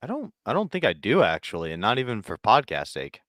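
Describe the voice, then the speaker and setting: A man's voice: on the low side, huge pitch swings, a little fast, a bit bright. A man co-hosting a podcast, throwing crude jokes into the chat. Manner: crude, joking interjections. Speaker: podcast co-host. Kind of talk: casual chat.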